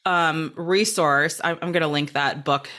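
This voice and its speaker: A woman's voice: sits low, fairly even intonation, measured pace, bright, forceful tone. A woman hosting a podcast, asking questions in a chatty way with many fillers and laughs. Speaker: podcast host. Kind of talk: casual interview.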